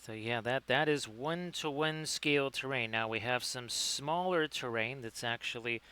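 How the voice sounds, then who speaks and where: Bright, clear-voiced male painting streamer. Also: mid-range voice, normal speed. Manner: chatty, greets viewers by name; upbeat, self-correcting. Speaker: livestream host, painting tutor. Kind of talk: live-streamed miniature painting lesson.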